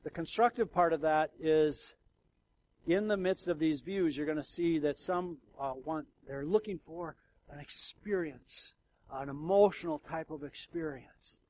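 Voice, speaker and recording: A middle-aged male pastor preaching a sermon in a conversational way, swinging from hushed, quiet passages to loud, emotional outbursts. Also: a little high, unhurried, rough recording. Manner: conversational with fillers and restarts.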